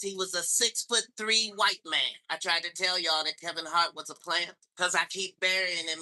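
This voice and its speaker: A man works through a roast set, landing insult after insult on a rival. His tone is bright and cutting. His voice sits slightly high for a man. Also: low-quality recording. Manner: insulting punchline delivery. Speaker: comedian.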